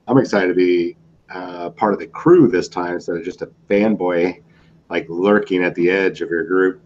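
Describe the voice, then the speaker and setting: A man co-hosts a casual chat with a very deep voice. He plans things aloud, easygoing and a little hesitant. The sound is dull and lo-fi, with a faint hiss behind him. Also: moderate pace, darkish tone.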